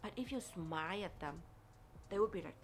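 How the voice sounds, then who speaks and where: A woman's voice: medium pitch, normal speed, background noise. Chatty woman vlogger. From Vietnam. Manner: chatty and expressive, laughs often, non-native English grammar. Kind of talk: casual vlog talk.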